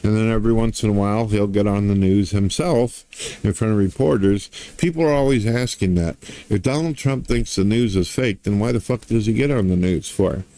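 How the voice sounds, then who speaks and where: A man's voice: fairly low pitch, dark tone, no echo. A middle-aged man ranting to his viewers in a crude, blunt, swaggering way, swearing constantly. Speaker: online commentator. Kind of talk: profane rant to camera.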